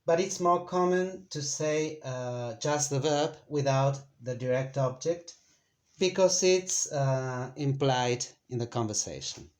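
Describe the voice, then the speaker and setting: Slow-spoken male teacher. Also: medium pitch. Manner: unhurried, thinking aloud with many fillers and self-corrections. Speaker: Spanish teacher. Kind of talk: explaining a lesson, casual.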